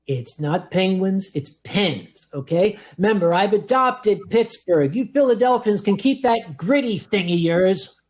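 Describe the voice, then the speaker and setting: A man co-hosting a comedy stream while drinking, giving drawn-out mock-stern advice and clearing his throat often. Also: sits high, animated. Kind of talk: casual comedic monologue.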